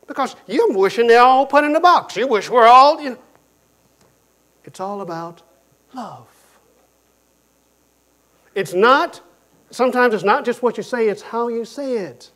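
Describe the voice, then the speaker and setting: His voice is very high-pitched and unhurried, broken by frequent pauses, as this man delivers a sermon full of animated storytelling. He says things more than once and moves from loud emphasis to quiet delivery.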